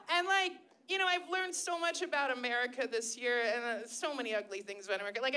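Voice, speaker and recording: A woman doing a profane, sarcastic stand-up comedy set on a live stage, jumping into shrill put-on voices when quoting people. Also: pushed and bright, a little hiss or hum.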